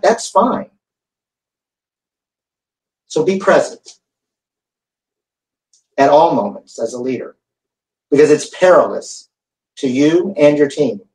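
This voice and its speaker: A man giving a keynote speech as an animated storyteller who acts out the dialogue in his stories. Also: a little high. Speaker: keynote speaker. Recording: echoey hall, voice from far off.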